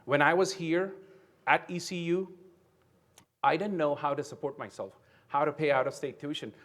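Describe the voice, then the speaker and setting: A man in his fifties from India giving a motivational keynote speech, telling his story earnestly and often checking in with the audience with a quick "right?". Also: on the high side, fairly bright tone. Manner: earnest storytelling with frequent "right?" tag questions. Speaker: keynote speaker. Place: conference venue.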